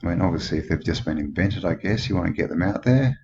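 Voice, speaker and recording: Animated and fast, a deep-voiced Australian channel host muses aloud while rambling through commentary on old photos, skeptically thinking out loud and asking plenty of questions. The sound is dull lo-fi, with background noise clearly present.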